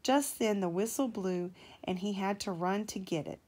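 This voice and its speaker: A woman's voice: mid-range voice, moderate pace, a little mellow. Mother reading a storybook aloud. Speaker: mother reading to her child. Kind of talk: children's storybook read-aloud.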